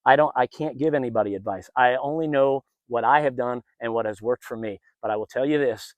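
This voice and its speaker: A man's voice: mid-range voice, no room sound. Middle-aged man telling a story, dry sound. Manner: animated, acts out what others said, many restarts. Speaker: vlogger and former event announcer. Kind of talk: casual personal storytelling.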